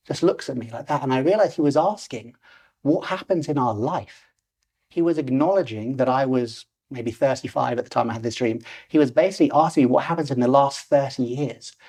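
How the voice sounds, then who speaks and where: A man's voice: mid-range voice, a little mellow, slightly rough. A man in his forties, a podcast guest telling a personal story animatedly and acting out the voices in it. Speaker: podcast guest, lucid dreaming teacher.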